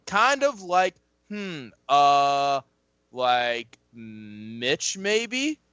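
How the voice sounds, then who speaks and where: A man and former football player chatting casually as a podcast guest, rambling and swearing freely as he tells animated stories. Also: fairly high pitch, very slow, clear, resonant tone, no room sound, muffled recording. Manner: rambling, profane, animated storytelling. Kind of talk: casual chat.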